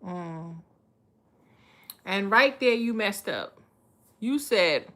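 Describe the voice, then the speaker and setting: A woman doing a live tarot reading, speaking. She is blunt and profane, talking to viewers in a streetwise, no-nonsense way. Her voice sits at a middle pitch. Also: expressive, slow pace, pauses often, pushed and bright. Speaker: tarot reader.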